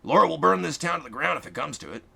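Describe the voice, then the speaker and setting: A man's voice: fairly high pitch, lively intonation, racing, vocal fry, bright, forceful tone, pitched above the performer's own voice, exaggerated voice. A man voicing a wounded male mercenary leader in a mask who talks in a dry, matter-of-fact way. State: hurt, coughing.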